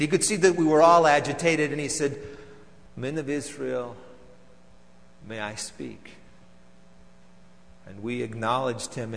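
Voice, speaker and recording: A man performing a theatrical monologue as a bitter, vengeful temple council elder, moving between loud outbursts and hushed, seething lines. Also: medium pitch, creaky, big-room sound, slight background noise.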